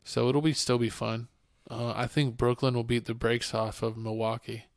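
Gravelly, flat-voiced man trash-talking. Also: medium pitch, moderate pace, dry recording, clean studio sound. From Texas. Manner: joking, blunt trash talk. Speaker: podcast host. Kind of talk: casual sports chat. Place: home studio podcast.

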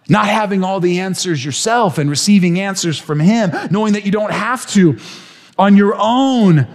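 A man's voice: high voice, long reverb tail. A man pastor delivering a sermon, driving his points home with emphatic rhetorical questions. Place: church sanctuary.

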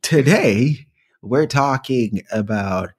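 A man co-hosting a casual comedy podcast, playful and quick to laugh, with bursts of mock indignation. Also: mid-range voice, expressive, slightly rough. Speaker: podcast co-host.

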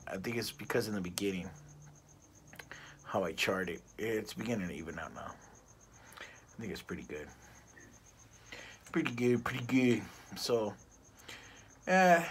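A man's voice: lowish voice, lively intonation, moderate pace, long pauses, a little hiss or hum. A middle-aged man reviewing a cigar in a casual vlog, rambling and ranting with plenty of profanity.

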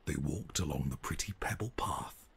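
A man narrating a rhyming bedtime story for a game in a measured storytelling cadence. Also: extremely low pitch, expressive, vocal fry, slightly rough, heavily acted.

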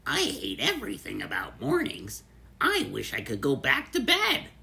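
A man's voice: medium pitch, wildly swooping pitch, normal speed, creaky, bright, forceful tone, heavily acted. A man doing a grumpy, sulky lizard.

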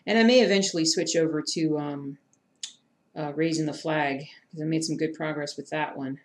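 A woman's voice: low-pitched, normal speed. A woman chatting casually with her viewers while she stitches, reading their comments and muttering to herself as she hunts for thread. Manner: chatty, self-deprecating, talks to chat, mutters to herself. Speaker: cross-stitch streamer. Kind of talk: casual live-stream chat while stitching.

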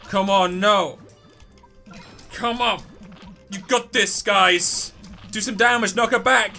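Young guy ranting over a phone game, high bright voice, slow talker, little music behind. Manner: frustrated, swings from muttering to yelling. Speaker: gaming YouTuber. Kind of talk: mobile game commentary.

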